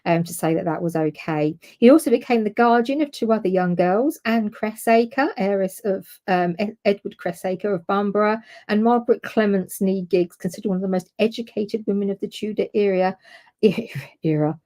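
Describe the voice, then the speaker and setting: A woman's voice: mid-range voice, fairly quick, hardly any pauses, mellow. Chatty woman podcast host. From United Kingdom. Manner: chatty and informal, with self-corrections. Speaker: podcast co-host presenting the topic. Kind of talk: casual history podcast chat.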